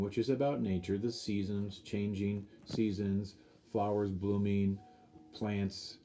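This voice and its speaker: A man's voice: lowish voice, mellow, slight background noise. A man teaching a classroom lesson, patiently repeating points and counting things out step by step.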